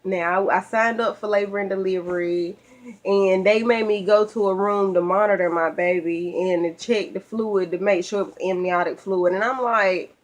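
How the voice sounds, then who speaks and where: A woman's voice: mid-range voice, measured pace. Chatty Southern woman telling her story. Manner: animated, chatty, acts out her own past lines. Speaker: vlogger. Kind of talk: personal storytelling. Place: at home.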